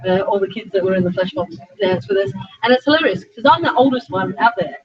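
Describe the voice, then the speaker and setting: A middle-aged Australian woman speaking as a sport psychologist, giving a chatty, animated talk to a small group of students and breaking into frequent asides. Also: medium pitch, quick pace. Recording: dull lo-fi recording.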